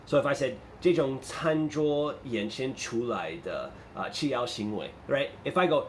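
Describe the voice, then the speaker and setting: A man's voice: mid-range voice, expressive, normal speed. Male teacher, patient explainer, lecture recorded in a roomy space with slight hiss. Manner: explains, repeats and rephrases points. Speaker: English teacher. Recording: echoey room with faint noise.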